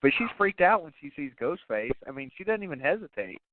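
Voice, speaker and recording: A man's voice: a little high, sing-song, fast, a little hiss or hum. An easygoing man co-hosts a film podcast, his voice rising and falling freely. The sound is tinny and lo-fi, like a phone call. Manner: easygoing, agreeable, laughs along. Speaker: podcast co-host. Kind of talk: casual movie discussion.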